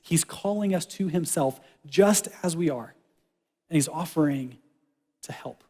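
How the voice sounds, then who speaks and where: Animated preacher man in reverberant church. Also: a little high, unhurried. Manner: conversational, animated, drops to soft quiet lines for God's words. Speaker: pastor. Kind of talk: sermon. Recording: church hall with long reverb.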